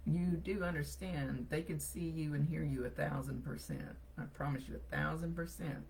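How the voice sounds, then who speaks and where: A woman's voice: low voice, steady tone, moderate pace, vocal fry, darkish tone, a little hiss or hum, rough recording. A woman psychic medium giving a live reading to viewers, chatty and reassuring as she relays messages.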